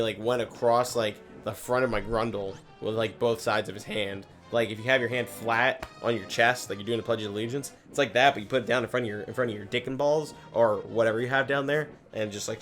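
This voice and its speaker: A man's voice: fairly low pitch, a bit bright. A man rambling through a casual story while playing a game, with constant "like" fillers and plenty of swearing. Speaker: gaming video host.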